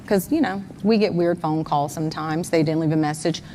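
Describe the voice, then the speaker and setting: Woman recounting events in an interview, step-by-step and detailed, low-ish; echoey hall recording with faint noise. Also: a little fast, dark tone. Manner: detailed, step-by-step retelling with times. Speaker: mother of a missing son.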